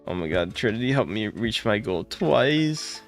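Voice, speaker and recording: A man with a gravelly, creaky voice chats casually on a live game stream. He greets viewers one by one and gushes with thanks. Faint music plays behind him. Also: fairly low pitch, measured pace. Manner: greets viewers by name, excitable and gushing.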